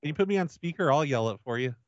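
A man making a prank phone call, stammering and mock-earnest as he makes absurd requests in a deadpan way. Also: on the high side, rapid-fire. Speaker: prank caller host.

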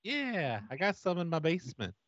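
A man's voice: fairly high pitch, very animated, a bit bright, no echo, dull audio, voice pushed up. A man putting on a pushy backyard lurker. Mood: insistent. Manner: rambling, insistent, halting with fillers. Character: pushy odd man lurking in a stranger's backyard. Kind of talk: prank phone call.

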